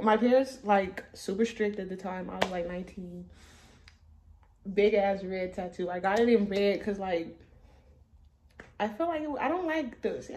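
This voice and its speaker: Young woman, mid-pitched, casual storytime vlogger who curses freely and laughs a lot. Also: darkish tone, a little hiss or hum. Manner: profane, loose and laughing.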